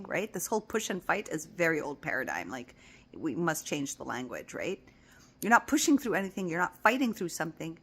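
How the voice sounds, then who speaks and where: A woman giving a spiritual self-help talk, tender and affirming, often dropping into soft whispers. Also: medium pitch. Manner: coaxing and affirming, repeating phrases. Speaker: spiritual teacher.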